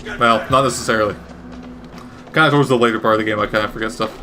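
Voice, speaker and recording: A man's voice: lowish voice, steady tone, racing, background noise. A man giving casual, rambling gameplay commentary with wry asides and frequent self-corrections. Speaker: gaming commentator.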